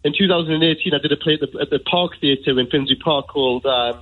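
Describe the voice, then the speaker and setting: A man with a fast rambling Geordie voice on a phone line. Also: a little high. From Newcastle, England. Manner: rambling, heartfelt, lots of "you know". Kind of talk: emotional phone-in storytelling. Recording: tinny phone line on radio.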